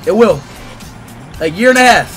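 Excitable high-pitched young man. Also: normal speed, soft background music. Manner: loud, excitable, swears freely. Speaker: streamer. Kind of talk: casual livestream chat.

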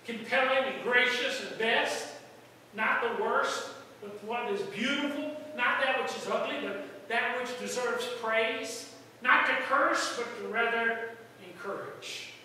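High-voiced pastor in an echoing church. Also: male voice, a little slow, slight background noise. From United States. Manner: folksy storytelling, sudden loud outbursts. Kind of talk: sermon. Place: church sanctuary. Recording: echoey hall from far off.

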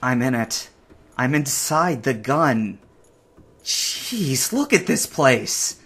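A man voicing a stranded space survivor who mutters to himself in a halting way. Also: mid-range voice, sing-song, slight background noise, heavily acted. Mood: uneasy. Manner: talks to himself, halting, rising to panicked shouts. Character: stranded male space survivor, anxious and curious. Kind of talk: acted game narration.

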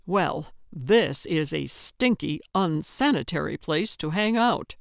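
Woman reads grumpy old man, dry grumbler, slow, crisp and dry. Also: low-pitched, lively intonation, no echo, full character voice. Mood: grumbling. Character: grumpy older man, gruff and complaining.

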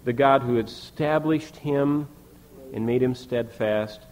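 Male pastor, earnest sermon delivery, swells on key words, drops soft at line ends. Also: medium pitch, takes it slowly, poor audio. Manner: earnest preaching, reading scripture aloud with emphatic rises and soft drops.

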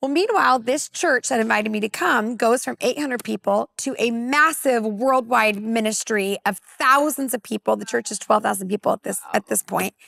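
A woman in her forties from California, a women's pastor, telling a personal testimony on a talk panel as a lively storyteller who acts out dialogue. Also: on the high side, normal speed, vocal fry, hardly any pauses, no echo, studio quality.

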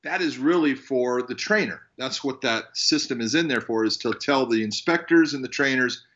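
A man, a fight referee and podcast guest, telling stories in a lively way and acting out what people said. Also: mid-range voice, normal speed. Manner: animated storyteller acting out quotes. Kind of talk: casual podcast chat. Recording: dull lo-fi audio.

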